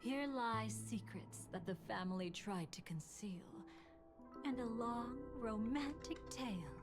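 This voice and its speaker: An actress voicing a calm, mysterious woman guide in a video game, speaking in a hushed manner. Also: a little high, measured pace, over music, lightly acted.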